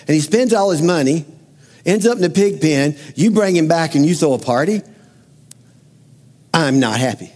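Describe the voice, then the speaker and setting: A sulking older brother, a grown young man who feels he has done everything right and got nothing for it, as a preacher acts him out. His voice sits a little high and rings with the long reverb of a large hall. He complains with wounded indignation. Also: a little mellow.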